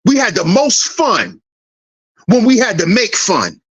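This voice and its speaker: A man's voice: sits high, huge pitch swings, unhurried, a bit bright, breathy edge. A man hosting a commentary channel, preaching an emphatic rant that repeats lines for effect and swears freely. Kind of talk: ranting social commentary.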